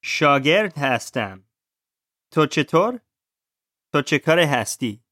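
Male learner, careful deliberate repetition, dry close recording. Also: fairly high pitch, big pitch swings, sharp tone, no room sound. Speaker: language student. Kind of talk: language lesson repetition.

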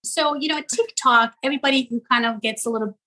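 A woman from Iran, a native Persian speaker with a Persian accent, chatting as an interview guest, animated and quick to laugh as she searches for words. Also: sits high, rough recording. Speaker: guest, content creator. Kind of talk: casual interview chat.

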